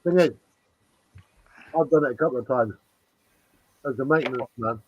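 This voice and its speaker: A man with an ordinary, mid-pitched voice hosts a live stream in easy, casual chat. He mutters to himself over his work between remarks. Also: moderate pace, highs cut off, slight background noise.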